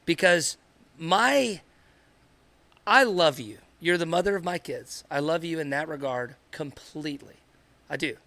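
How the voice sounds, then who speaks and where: A father co-hosting a podcast speaks in a slightly high, fairly bright voice. It's a candid conversation, and he talks earnestly and ramblingly, often repeating himself.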